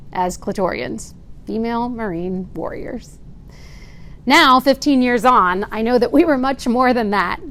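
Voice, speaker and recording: Earnest woman reading a prepared tribute. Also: fairly high pitch. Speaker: Marine veteran giving testimony. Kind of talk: prepared speech read aloud.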